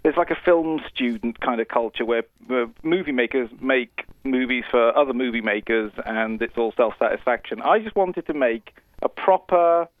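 A man's voice: medium pitch, normal speed, no room sound. A Welsh film director, a man, chatting in a self-deprecating way as a radio guest on the phone, laughing often. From Wales. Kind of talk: casual radio interview over the phone. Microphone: phone call. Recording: muffled phone line, dry.

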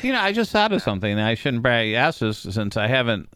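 A man's voice: medium pitch, sing-song, fast talker, a bit bright, smooth, no echo, studio quality. A man co-hosting a radio show, asking playful joking questions. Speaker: radio co-host. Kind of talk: casual radio banter.

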